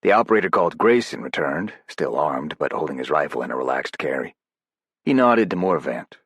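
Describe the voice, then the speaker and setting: A man narrating a thriller audiobook in a steady, even storytelling manner. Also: rumbling low, fairly quick, slightly rough, no echo, clean studio sound. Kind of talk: scripted narration.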